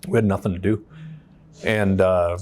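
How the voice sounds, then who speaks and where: Seated on a stage inside a shop, an American interview guest recounts his story in a fairly low voice at a moderate pace. He tells it animatedly and profanely, performing the lines of the people he quotes.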